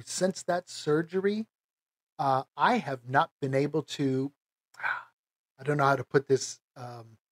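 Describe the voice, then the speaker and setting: A middle-aged man from the United States, telling a personal story in a casual, emotional, halting way, with many restarts. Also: on the high side, fairly bright tone, slightly rough, no room sound. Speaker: vlogger.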